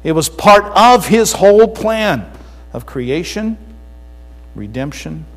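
A man's voice: sits high, sing-song, takes it slowly. Man preaching in a reverberant hall. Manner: emphatic preaching, swinging between loud and quiet. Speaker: pastor. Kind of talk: sermon. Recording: long hall reverb with mains hum.

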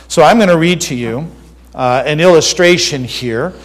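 Brief: conversational male preacher, somewhat high-pitched, earnest; reverberant room. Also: moderate pace. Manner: earnest, conversational, checks in with listeners. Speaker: pastor. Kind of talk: sermon.

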